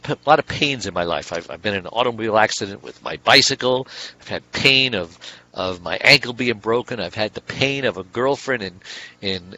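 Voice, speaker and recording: A man's voice: fairly low pitch, pushed and bright, rough recording. A middle-aged man, an author and speaker, giving a rambling, casual monologue of anecdotes and lessons. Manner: rambling, acts out little dialogues in other voices.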